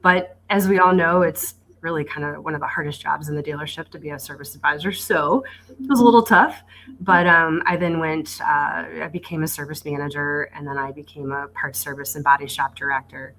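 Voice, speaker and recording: A woman in her forties recounts her working life as a podcast guest, her voice sitting low in pitch. She tells it as a story, animating the quoted exchanges. She often restarts her words with small stammers. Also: fairly even intonation, brisk, fairly bright tone, a little hiss or hum, rough recording. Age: 40s. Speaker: guest, dealership executive. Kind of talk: conversational storytelling.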